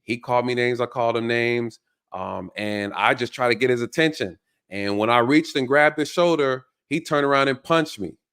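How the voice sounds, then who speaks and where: Animated male ex-cop host. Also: mid-range voice, moderate pace, clear, resonant tone. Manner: animated, acts out voices, addresses viewers. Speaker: host, former police officer. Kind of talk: casual reaction storytelling.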